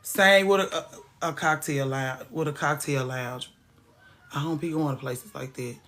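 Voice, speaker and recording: Bright-voiced woman ranting. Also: sits low, normal speed. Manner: emphatic, profane ranting. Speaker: podcast host. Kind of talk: casual chat.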